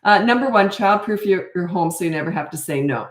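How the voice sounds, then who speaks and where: A woman's voice: lowish voice, expressive, a little fast, echoey room. An older woman and parenting coach from Canada, chatting casually and bluntly in a live Q&A, laughing often and losing her thread.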